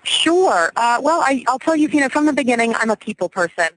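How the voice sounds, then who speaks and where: A woman's voice: sits high, expressive, fairly quick, slight background noise, low-quality recording. A woman in her forties from Louisiana, a real estate broker, talking confidently and energetically as a guest in a radio interview.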